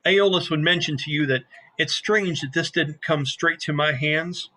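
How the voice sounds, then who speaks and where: Shrewd, calm airship leader voiced by a man, soft and measured, slightly raised pitch, bright edge. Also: low-quality recording. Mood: earnest. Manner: quiet, measured, low-voiced.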